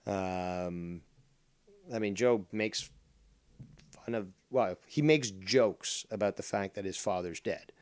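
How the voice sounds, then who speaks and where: A man's voice: low voice, takes it slowly, a little mellow, no echo. Profane, mocking male commentary host. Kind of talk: commentary on a played clip.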